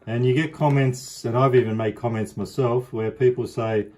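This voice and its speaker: In a low-quality recording, a middle-aged man with an Australian accent rambles casually while demonstrating a dish in his home kitchen as a cooking vlogger. He speaks at medium pitch, fairly even intonation, and a moderate pace, with a warm tone.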